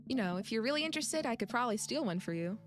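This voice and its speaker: A woman's voice: fairly high pitch, lively intonation, very fast, soft background music, lightly acted. A woman voicing a brash, flirty woman who runs a dog shelter in a game, using a put-on accent. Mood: teasing.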